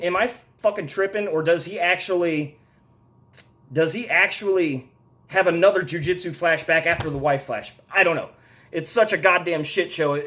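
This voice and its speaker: A man's voice: high-pitched, a bit bright. A man giving a casual, profane, rambling movie review rant, exasperated and loose.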